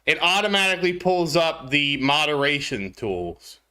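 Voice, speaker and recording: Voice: mid-range voice, very animated, normal speed, pushed and bright. A game streamer talking casually to live viewers, flustered, apologetic and laughing at their own mistake.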